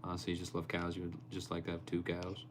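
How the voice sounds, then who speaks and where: Low-voiced young man chatting with his live stream. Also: fast talker, noisy background. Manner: chatty, answers chat comments by name, animated storytelling. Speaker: livestreamer reading chat. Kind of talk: casual live-stream chat.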